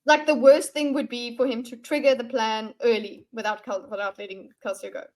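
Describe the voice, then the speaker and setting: A woman co-hosting a book discussion, reacting excitably and laughing often. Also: fairly high pitch, a little fast. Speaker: podcast co-host.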